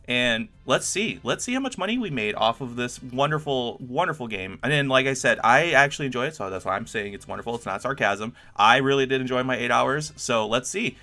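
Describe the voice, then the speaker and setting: Bright-voiced, upbeat gaming YouTuber man. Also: mid-range voice, expressive, fairly quick, hardly any pauses, faint music behind. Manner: upbeat, chatty, enthusiastic. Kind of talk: casual gameplay commentary.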